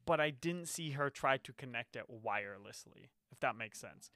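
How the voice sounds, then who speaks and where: A young man co-hosting a podcast, casual and teasing, animated and quick to laugh, on a close microphone. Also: medium pitch, dry recording. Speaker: podcast co-host. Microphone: close podcast mic.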